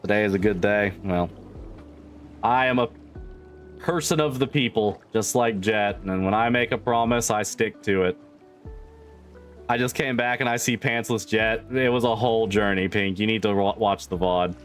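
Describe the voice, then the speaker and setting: Low-voiced man chatting with stream viewers. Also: normal speed, soft background music. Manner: swears freely and laughs often while reading chat. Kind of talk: casual chat with livestream viewers.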